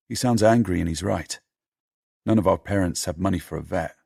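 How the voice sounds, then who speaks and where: A man narrating an audiobook in a steady, measured storytelling manner. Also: low voice, vocal fry, breathy edge, no room sound, clean studio sound.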